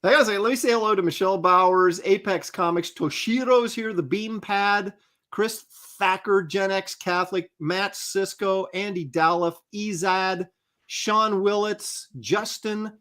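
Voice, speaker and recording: A man's voice: high voice, steady tone, unhurried. Chatty middle-aged man hosting a chat. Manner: chatty, reels off viewer shout-outs. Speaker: podcast host. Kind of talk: casual group chat.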